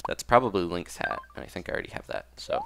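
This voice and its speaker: A man giving relaxed, rambling commentary while playing a cozy video game, often restarting his sentences. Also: low voice, fast, gravelly, very noisy. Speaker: gameplay commentator. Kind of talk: casual let's-play commentary. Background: game music.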